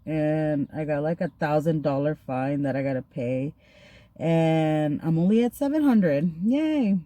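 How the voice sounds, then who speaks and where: A woman's voice: deep voice, unhurried, dry recording. A young woman casually telling a story while getting ready, chatty and slangy, acting out the people she quotes. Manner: chatty, slangy, animated retelling with acted quotes. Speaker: vlogger.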